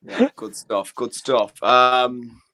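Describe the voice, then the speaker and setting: A man's voice: mid-range voice, fairly even intonation, slow pace, pushed and bright, a little hiss or hum. A man hosting an online comedy show, chatting casually and joking at his own expense. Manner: joking, self-deprecating, rambling.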